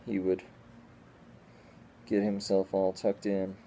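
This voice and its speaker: A man with a low, warm voice talks casually at home for his vlog. He rambles easily from one thought to the next and often restarts his sentences. A faint hiss sits under the recording. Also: completely flat delivery, slow pace. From Northeastern United States. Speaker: squirrel rehabber vlogger.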